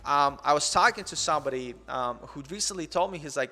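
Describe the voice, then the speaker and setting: A man's voice: fairly high pitch, expressive, a little fast, bright, forceful tone, in a large hall. Earnest rambling man in his forties. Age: 40s. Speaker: host of a coding channel. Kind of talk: casual live-stream chat.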